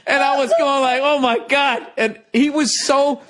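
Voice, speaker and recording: Male podcast host, high voice, loose storytelling chat, laughs through lines, heavy profanity. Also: a little slow. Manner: laughs through the story, swears freely, animated sound effects.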